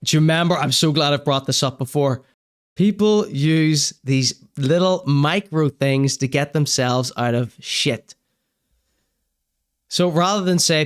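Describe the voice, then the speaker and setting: Sarcastic streamer, mocking tone. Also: male voice, medium pitch, slow pace, clear, resonant tone. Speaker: show host reacting to videos. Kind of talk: livestream commentary.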